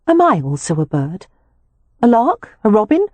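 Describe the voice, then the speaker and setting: A woman reading an audiobook, voicing a lively young woman who is amused and a little skeptical. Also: medium pitch, moderate pace, no room sound, voice pushed up. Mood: wry. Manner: wry and teasing.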